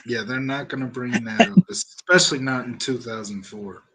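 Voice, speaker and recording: A man's voice: medium pitch, lively intonation, normal speed, crowd noise. A man hosting a podcast, casually recapping events with a dry, wry manner. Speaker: podcast host reviewing wrestling. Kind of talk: casual chat.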